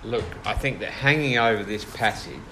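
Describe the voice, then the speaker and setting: A man's voice: on the low side, normal speed, background noise. A man leading an informal Bible study with a small group, thoughtful and hesitant, with many fillers and restarts.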